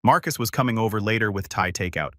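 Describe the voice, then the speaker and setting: Male story narrator, low and calm, even scripted delivery, dry close-mic sound. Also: fast, no room sound.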